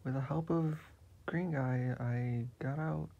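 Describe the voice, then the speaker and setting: A man voicing a frantic cartoon potato hero who stammers and gets flustered, in a voice pitched well above his own. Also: fairly even intonation, slow, creaky, warm tone. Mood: defiant. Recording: muffled lo-fi recording with hiss.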